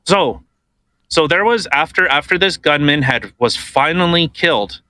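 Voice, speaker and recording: A man's voice: a little high, unhurried, low-quality recording. A man co-hosting a podcast, ranting casually with lots of swearing and mocking impressions. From Canada. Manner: animated, swears a lot, mocking put-on voices. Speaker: podcast co-host. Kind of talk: casual profane podcast rant.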